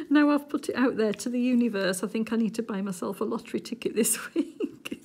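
A middle-aged woman from England chatting casually to viewers while she crafts, giggly and easily excited. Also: fairly high pitch, brisk, husky. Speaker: crafting vlogger.

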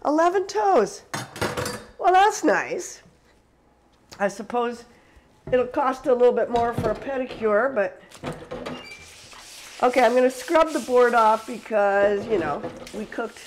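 A woman from Canada hosts a casual live cooking stream. She talks to her viewers in a chatty way and laughs often as she cooks. Her voice sits a little high. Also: expressive, a little slow, pauses often, noisy background. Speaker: cooking show host.

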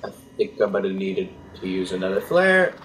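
A man's voice: low voice, sing-song, fairly quick, a little hiss or hum. Panicky, swearing young man gaming. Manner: panicky, swearing, yelling at the game. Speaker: gaming YouTuber. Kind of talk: horror game let's play commentary.

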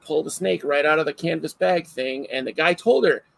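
A man hosting a casual chat, telling stories in an animated way and laughing often. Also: on the high side, fairly quick, creaky, poor audio.

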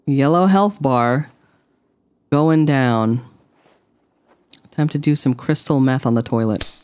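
A woman streaming a game, chatting to her viewers with rambling, deadpan jokes. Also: very deep voice, slow pace, clear, resonant tone. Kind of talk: casual gameplay commentary.

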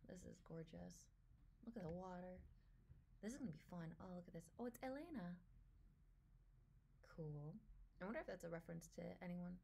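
Excited whispery woman reacting to a trailer. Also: on the low side, moderate pace, creaky, long pauses, slight background noise. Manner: excited, gushing, often drops to a soft whisper. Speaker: reaction video creator. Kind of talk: casual trailer reaction commentary.

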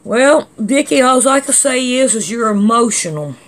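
A woman's voice: fairly high pitch, animated, moderate pace. A woman hosting a casual vlog, reading out viewer comments in a chatty, scolding, drawling way. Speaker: channel host reading comments.

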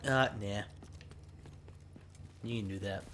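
A man's voice: lowish voice, takes it slowly. A young man casually chatting and swearing while playing an online shooter with friends, often laughing. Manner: excitable, swearing, laughing banter. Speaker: gaming channel host. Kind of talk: casual multiplayer gaming chat. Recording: noisy game audio behind voice.

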